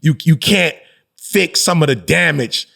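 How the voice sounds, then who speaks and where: A middle-aged man who works as a motivational speaker and pastor talks candidly as a podcast guest in a frank conversational interview. His voice sits on the high side with a creaky, bright, forceful tone and a measured pace. He comes across as reflective and emphatic, tossing in slangy asides.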